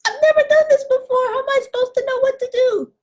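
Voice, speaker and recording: A flustered little talking tongue, put on by a woman teacher in a squeaky, high, hurried voice. It sounds unsure and worried, much higher than an everyday speaking voice. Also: a little mellow. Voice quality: squeaky and rushed.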